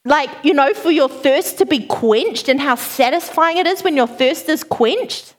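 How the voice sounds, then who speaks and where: A woman in her thirties preaching with a bright, high voice. She tells her story in a chatty, animated way and laughs often. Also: a little slow. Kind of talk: sermon opening with a personal story.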